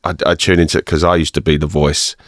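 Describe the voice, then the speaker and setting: A man's voice: a bass voice, level tone, quick pace, no echo, clean studio sound. A man hosting a podcast, asking chatty questions in casual interview talk and laughing along. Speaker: podcast host.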